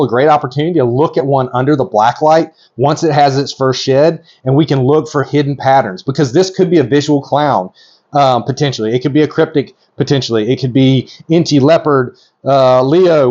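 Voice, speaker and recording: Man, middle-aged, vlog host, excitable, rambling, self-interrupting, slightly muffled lo-fi audio. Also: medium pitch. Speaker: reptile breeder host. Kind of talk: hands-on vlog commentary.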